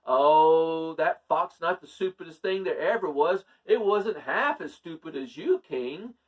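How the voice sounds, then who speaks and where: A man voicing Jack, a sly young country tall-tale teller, with a drawl and slow folksy boasting. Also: on the high side, animated, dull audio. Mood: smug. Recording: distant from the mic.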